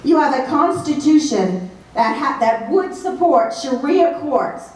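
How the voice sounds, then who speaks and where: A woman with a Southern American accent delivers an emphatic political speech, her voice set a little high. She rattles off points in punchy lists. The recording comes from far back in a very echoey hall, with faint room noise underneath. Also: lively intonation, measured pace, darkish tone. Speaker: speaker at a political event.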